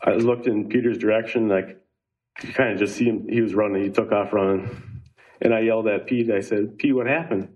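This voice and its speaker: A man testifying in court, recounting events in a halting, shaken way with repeated words. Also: fairly low pitch, flat delivery, a little mellow, muffled recording.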